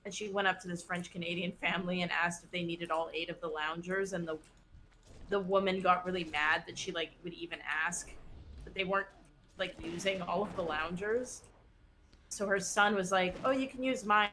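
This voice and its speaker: A woman's voice: on the low side, fairly even intonation, normal speed, a bit bright, a little hiss or hum. A woman from the West Coast telling stories in casual chat while gaming, with lots of "like". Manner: chatty storytelling, lots of "like". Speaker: streamer.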